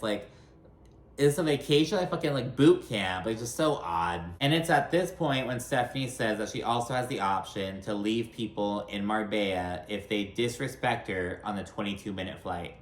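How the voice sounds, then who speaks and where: A man's voice: mid-range voice, expressive, normal speed. Gossipy, sarcastic male recapper. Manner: gossipy, sarcastic, swears a lot, many "like" fillers. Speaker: recap commentator. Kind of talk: casual reality TV recap. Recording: echoey room with faint hum.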